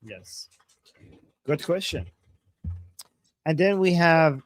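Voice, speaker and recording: A man's voice: a little high, animated, slow, pauses often, fairly bright tone. A man from Iran co-hosting a live stream, reading viewer messages aloud in a chatty, easygoing way and laughing easily. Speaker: livestream co-host. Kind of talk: casual live-stream chat.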